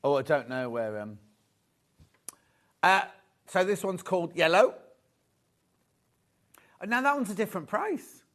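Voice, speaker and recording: A middle-aged man presents a live fabric sales show in a TV studio. He talks in a gushing, chatty way and teases the crew. His voice sits a little high and swings up and down a lot. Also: expressive, measured pace, pauses often, a bit bright. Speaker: shopping channel host.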